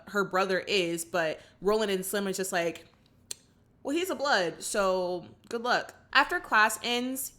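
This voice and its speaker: A woman's voice: medium pitch, bright, forceful tone. A young woman hosting a movie reaction channel, retelling the film and giving her opinions to viewers in a chatty, casual way. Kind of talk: casual film recap and commentary.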